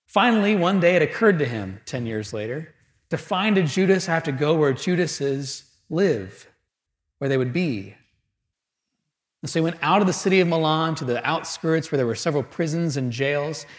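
A man preaching a sermon, telling a story with dramatic pauses and moving between loud and hushed delivery. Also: fairly high pitch, echoey room.

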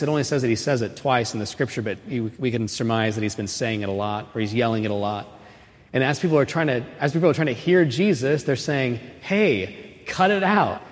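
A man giving a homily at Mass, telling the story casually with lots of "right?" asides and pushing louder and higher when he stresses a point. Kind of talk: conversational sermon. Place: church. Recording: long reverb of a church.

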